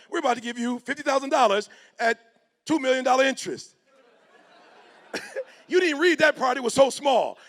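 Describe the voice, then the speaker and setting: A middle-aged man preaches motivation. His voice sits high with a gravelly edge. He swings widely in pitch as he acts out his stories. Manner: animated, acts out both sides of stories in quoted voices. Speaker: motivational speaker. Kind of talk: preacher-style motivational speech.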